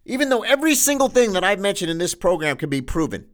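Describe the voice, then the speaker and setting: A man hosting his own news show as a pastor, delivering an impassioned, sarcastic monologue that swings between loud outbursts and hushed asides. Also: sits high, sing-song, fast talker, hardly any pauses. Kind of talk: political news commentary monologue.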